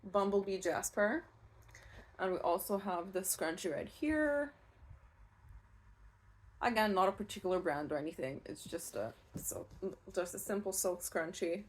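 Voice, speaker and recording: Woman, tarot reader, casual chatty reading, rambling, mid-pitched voice. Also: expressive, measured pace, pauses often, a little hiss or hum. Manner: chatty and rambling, with soft laughs and fillers.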